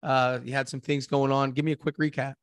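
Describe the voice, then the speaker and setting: A man hosting a business podcast, upbeat and direct, his voice hoarse from losing it. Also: medium pitch, little pitch movement, a little fast, no room sound, studio quality. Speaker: podcast host. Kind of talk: casual podcast interview.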